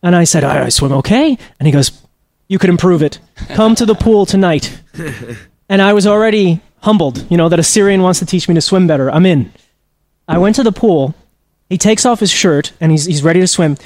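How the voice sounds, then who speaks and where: A man's voice: on the high side, animated, brisk, darkish tone. A man being interviewed as a journalism trainer, telling a story earnestly with frequent restarts.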